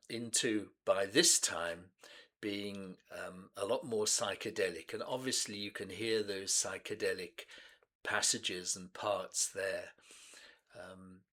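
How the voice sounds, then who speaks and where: An older man in his seventies talks through his memories of a song. His voice sits a little low, and he speaks very slowly. He hesitates often, fills gaps with ums and starts lines over. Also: fairly bright tone. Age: 70s. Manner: unhurried and hesitant, many ums and restarts. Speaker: music reaction channel host. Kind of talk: reminiscing music commentary.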